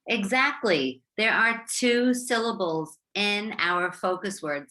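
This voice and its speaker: A woman teacher with an American accent giving a slow, encouraging phonics lesson to young students, stretching out sounds and syllables. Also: medium pitch, animated, pushed and bright. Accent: American English. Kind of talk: slow, clear classroom instruction for young learners.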